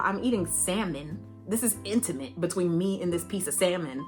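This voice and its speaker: A woman's voice: on the low side, animated, normal speed, hardly any pauses. A young woman chatting casually while doing her makeup, rambling through a story with lots of fillers and playful asides to her viewers. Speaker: beauty vlogger. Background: faint background music.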